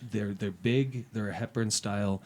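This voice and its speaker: A man's voice: on the low side, steady tone, moderate pace, a little mellow. A man co-hosting a podcast, rambling and swearing, sheepish and apologetic in casual banter. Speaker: podcast co-host.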